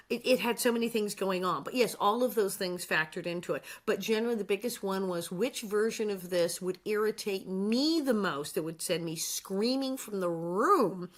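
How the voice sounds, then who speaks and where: Bright-voiced older woman telling stories. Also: mid-range voice. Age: 60s. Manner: animated storytelling with acted-out quotes. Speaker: actress guest. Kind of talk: casual chat.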